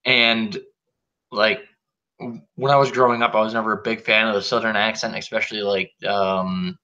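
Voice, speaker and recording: A man's voice: fairly low pitch, level tone, moderate pace, bright, forceful tone, muffled recording. A man hosting a casual podcast chat, opinionated and blunt with jokey banter. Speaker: host.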